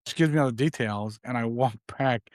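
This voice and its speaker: In studio-quality audio without echo, a man in his twenties co-hosts a podcast, spinning a long, meandering anecdote and voicing the other man's lines casually. His mid-range voice is a little mellow and a little fast.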